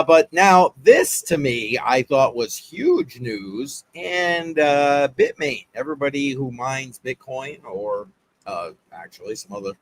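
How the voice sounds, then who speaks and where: A man hosting a casual livestream, giving upbeat shout-outs to chat with lots of fillers. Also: medium pitch. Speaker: livestream host.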